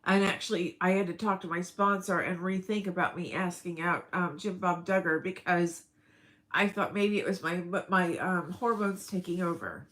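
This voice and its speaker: A woman's voice: on the low side, fairly even intonation, moderate pace, fairly bright tone, rough recording. A middle-aged woman rambling through a casual personal vlog, emotional and breaking into laughs. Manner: rambling, emotional, laughs often mid-sentence. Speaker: vlogger.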